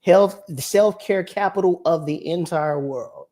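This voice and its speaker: A woman's voice: fairly low pitch, a little slow, dark tone. A woman co-hosting a casual podcast chat, talking bluntly and emphatically with punchy warnings. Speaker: podcast co-host.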